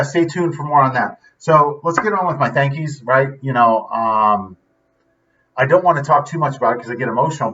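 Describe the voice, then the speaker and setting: Talking earnestly on his vlog, a man rambles casually through a motivational message and keeps tagging lines with "right?". His medium-pitched voice is a bit bright, and the audio is dull and distant.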